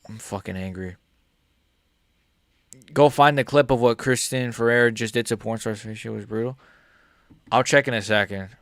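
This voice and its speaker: A young man streaming a live fight reaction, furious one moment and grumbling low the next, cursing constantly. His voice sits at a middling pitch and sounds close and dry, with no room around it. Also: dry recording. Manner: swings between angry shouting and muttered grumbling, heavy swearing; chats with viewers by name.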